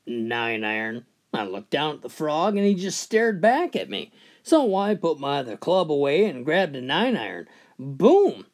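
A man narrating a funny joke story in an animated storytelling manner. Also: a little high. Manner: animated, swooping storyteller delivery. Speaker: joke teller.

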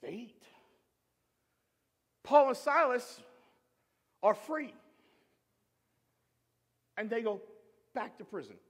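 A man preaching a sermon as pastor, animated, swinging from shouting to quiet asides. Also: extremely high pitch, slow, long pauses, big-room sound. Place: church sanctuary.

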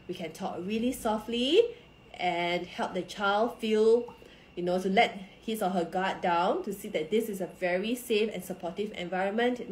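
Calm woman coaching parents in an echoey room. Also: medium pitch. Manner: calm, explanatory, addresses viewers directly. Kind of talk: live-stream parenting talk to viewers. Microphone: phone or computer for a social media live stream.

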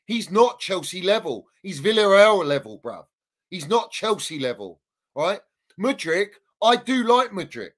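A man's voice: high-pitched, very animated, measured pace. A man, a guest on a football podcast, ranting heatedly in casual debate. He swears freely and hammers his points home by repeating them. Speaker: Chelsea fan guest.

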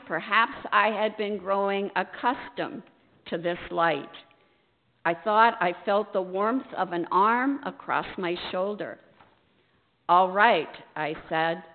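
Lady pastor telling a sermon story real slow, hesitant funny asides, echoey church, tinny. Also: mid-range voice, a little hiss or hum. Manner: unhurried, acted-out dialogue with hesitant, self-deprecating asides. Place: church sanctuary.

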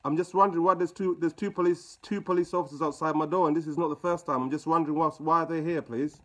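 A man's voice: on the high side, fairly even intonation, quick pace. A man calling the police on the phone, insistent and repeating himself with polite fillers. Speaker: caller. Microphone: phone call recorded.

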